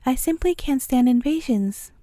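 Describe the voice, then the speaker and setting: A woman's voice: high-pitched, lively intonation, normal speed, warm tone, no echo, studio quality. A woman voicing an indignant male wild boar in a storybook, huffy and determined.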